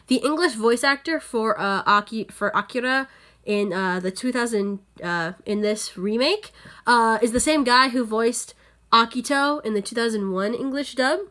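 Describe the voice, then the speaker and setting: A young woman with a bright, clear voice sits on camera and talks an anime episode through in a loose, conversational way. She sits a little higher than most women and keeps circling back with "you know" and "like.". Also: animated, moderate pace. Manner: chatty, heavy with fillers. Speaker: anime reviewer. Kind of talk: casual episode recap. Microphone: on-camera setup.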